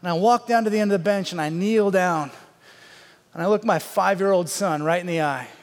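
A high-voiced, middle-aged comedian delivers a brisk stand-up story, swinging from loud bursts down to hushed asides. The sound rings with the long reverb of a big hall.

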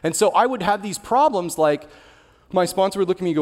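A man's voice: high-pitched, animated, fairly quick, a little mellow. A young adult male pastor giving a sermon in a candid, conversational way, sharing personal stories. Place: large church hall. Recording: long reverb of a large hall.

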